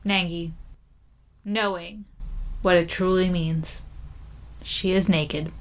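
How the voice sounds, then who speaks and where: Giggly slow-talking young woman. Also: lowish voice, fairly even intonation. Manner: giggly, laughs often, rambling with lots of "like". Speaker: podcast co-host. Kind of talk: casual chat.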